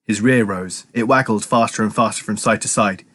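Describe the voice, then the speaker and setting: A man's voice: fairly low pitch, moderate pace, fairly bright tone. A man narrating a children's chapter book aloud as a teacher, telling the story expressively.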